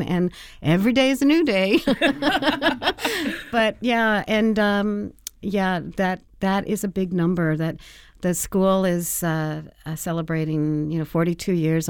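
A woman, executive director of a language school, answering questions in a radio interview, speaking warmly with many fillers and pauses. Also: medium pitch, smooth, no room sound, clean studio sound. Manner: warm, hesitant with many fillers.

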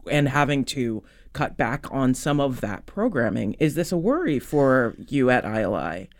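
A man's voice: medium pitch, expressive, normal speed, no echo, clean studio sound. A man hosting a public radio show, introducing segments and asking questions in a conversational way.

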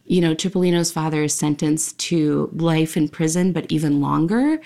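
A woman's voice: low voice, moderate pace, vocal fry, warm tone. A woman from Russia recalling a childhood book in casual conversation. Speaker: interviewee. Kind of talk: casual recollection.

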